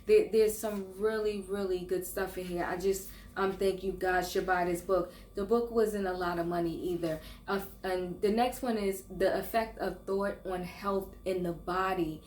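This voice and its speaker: A woman's voice: medium pitch, steady tone, normal speed, hardly any pauses, darkish tone, echoey room. An older woman talking in a casual vlog, earnest and encouraging, sometimes stumbling over her words. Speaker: vlogger. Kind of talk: casual faith and self-help vlog.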